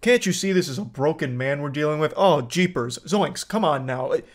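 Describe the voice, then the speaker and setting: A man's voice: fairly high pitch, expressive, moderate pace. Guy doing a flustered fussy lady, all exclamations and pleading. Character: fussy flustered woman scolding an interviewer.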